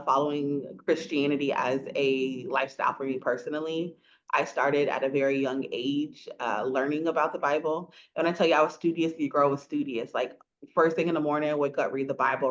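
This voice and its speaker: Lively woman host, slightly muffled sound. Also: low-pitched. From rural Florida, USA. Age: 30s. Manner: animated storyteller who laughs often and acts out quoted people. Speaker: podcast host. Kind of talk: casual podcast chat.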